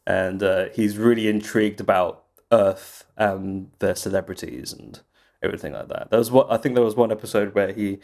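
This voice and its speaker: A man's voice: fairly low pitch, fairly even intonation, normal speed, a little mellow. A man co-hosting a casual podcast chat, rambling through stories and laughing often. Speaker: podcast co-host.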